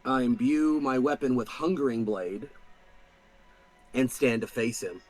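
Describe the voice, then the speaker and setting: A man's voice: medium pitch, unhurried, a little mellow, no room sound. Man playing a tabletop game. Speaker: player.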